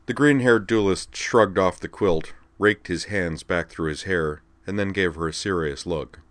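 A man narrating fiction aloud in a calm, measured storytelling manner. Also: low voice, no room sound. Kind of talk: audiobook-style fiction reading.

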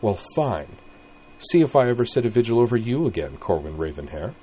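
A man's voice: mid-range voice, sing-song, fairly quick, mellow, a little hiss or hum, pitched above the performer's own voice, natural voice. A man putting on a coy, teasing young woman. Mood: huffy.

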